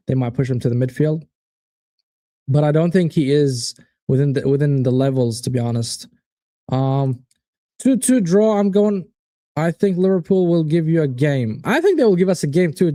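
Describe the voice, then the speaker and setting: Casual male stream host, animated and profane, warm dark tone, dry booth sound. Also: fairly high pitch, no echo. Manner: animated, swearing, reads out chat predictions. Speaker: watchalong host. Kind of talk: casual live-stream football chat.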